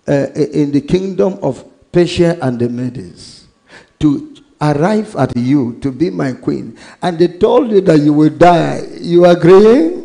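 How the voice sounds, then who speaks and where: Nigerian pastor preaching, slow deliberate delivery, gravelly voice, acts out bible scenes. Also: male voice, a little high, mellow. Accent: Nigerian English. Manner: dramatic preaching, acting out scripture scenes; slow emphatic scripture reading. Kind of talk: sermon.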